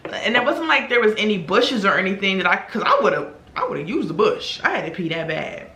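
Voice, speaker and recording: A young woman vlogger telling a long story in a casual, animated way while doing her makeup, acting out other people's lines as she goes. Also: mid-range voice, a little fast. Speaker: beauty vlogger. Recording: echoey room.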